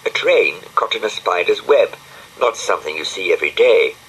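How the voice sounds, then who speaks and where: Male audiobook narrator for a kids' story, low voice with lively pitch swings. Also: normal speed, a little hiss or hum, low-quality recording.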